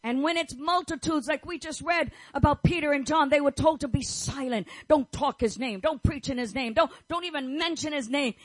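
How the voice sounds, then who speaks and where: Fervent high-voiced woman preaching. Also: normal speed, few pauses, no room sound, poor audio. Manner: fervent, declaring, repeats phrases. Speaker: pastor's wife preaching. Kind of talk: sermon.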